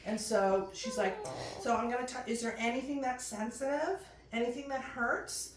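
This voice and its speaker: A middle-aged woman doing stand-up storytelling in a chatty, animated way, jumping into high voices when she quotes people. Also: normal speed, noisy background. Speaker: comedian telling a personal story. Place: room with a live audience. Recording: roomy, distant mic with faint ambience.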